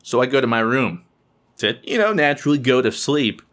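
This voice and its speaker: Young man, animated storyteller, lively swooping pitch, medium-pitched voice, jumps into squeaky voices for quotes. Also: a little fast. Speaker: YouTuber telling a story.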